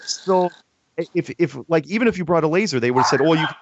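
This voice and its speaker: A man chatting casually, telling an animated story that is full of restarts and quoted lines. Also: fairly high pitch, fast, background noise. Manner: animated storytelling, quoting others, many restarts. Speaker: podcast host. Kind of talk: casual chat. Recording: dull lo-fi audio.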